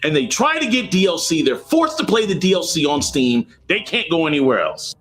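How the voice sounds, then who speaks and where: A man voicing a sneering rival company in a comedy skit, mocking and accusing. His pitch swings a lot as he jabs and taunts. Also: sing-song, a little fast, fairly bright tone, faint music behind. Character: accusing, sarcastic rival game company, male.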